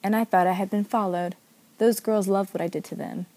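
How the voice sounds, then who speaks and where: A woman voicing a smooth-talking male vampire who teases and threatens his prey in a read-aloud story. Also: mid-range voice, steady tone, fairly quick, dark tone, close to an everyday voice. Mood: menacing. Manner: sly, teasing.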